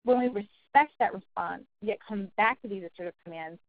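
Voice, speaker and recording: A woman giving a recorded training talk for caregivers, explaining clearly and acting out example phrases. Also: medium pitch, fairly quick. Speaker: early childhood trainer. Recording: dry, phone-like narrow sound.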